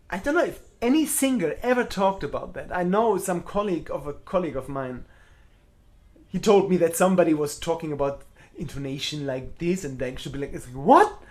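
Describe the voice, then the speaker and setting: Man, middle-aged, cellist, live Q&A, slightly high voice, candid, self-mocking. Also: a little mellow. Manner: candid, self-deprecating, blunt. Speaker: cellist answering viewer questions. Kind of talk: live online Q&A.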